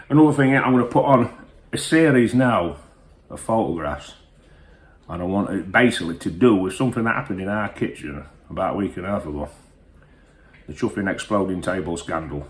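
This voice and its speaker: A man's voice: sits low, expressive, fairly quick. Boisterous man, swearing constantly. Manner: peppers every phrase with mild swearing, rambling and boisterous. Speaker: whisky reviewer. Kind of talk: comic storytelling review.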